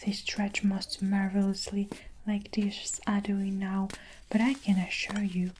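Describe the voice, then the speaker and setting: A bullying headmistress, barking and scornful, whispered by a woman doing a story reading. It is whispered role-play, hushed and dark-toned, with a slow, deliberate delivery. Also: mid-range voice, little pitch movement, slight background noise, lightly acted, poor audio. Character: domineering harsh headmistress, woman, middle-aged.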